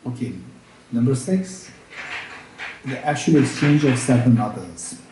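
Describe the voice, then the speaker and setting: A man teaching Buddhist practice at a retreat, repeating each point slowly as if dictating, with halting restarts and check-ins with his listeners. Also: medium pitch, expressive, background noise. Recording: roomy room, speaker far from mic.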